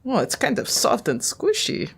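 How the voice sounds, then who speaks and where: A woman's voice: a little high, wildly swooping pitch, moderate pace, vocal fry, husky, heavily acted. A woman playing a jumpy, flustered assassin man. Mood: awkward. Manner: hesitant, full of ums, panics easily. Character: flustered male Italian-style assassin, easily startled.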